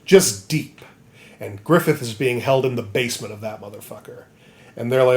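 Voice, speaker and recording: A man's voice: medium pitch, brisk, darkish tone. A man hosting a comedy podcast, recapping a story in a rambling, profane way and acting out the characters. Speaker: podcast host.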